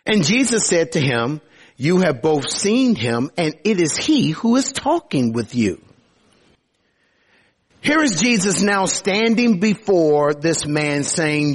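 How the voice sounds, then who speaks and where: Man, preacher, sermon, husky, slightly high voice, expressive emphasis. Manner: expressive, rising for emphasis and slowing on quoted verses.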